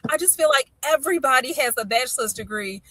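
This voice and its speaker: A middle-aged woman with a Baltimore accent chats as a host and tells stories in a lively way, acting out the lines she quotes. Her voice is bright and forceful. The sound is close and dry. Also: high voice, quick pace, no echo. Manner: animated storyteller, acts out quotes. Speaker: podcast host. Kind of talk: casual chat.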